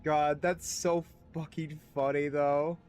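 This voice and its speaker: High-voiced, swearing gaming streamer. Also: male voice, flat delivery, slow pace, darkish tone, faint music behind. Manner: profane, laughing, chatty. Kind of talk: casual gaming stream, reading dialogue aloud.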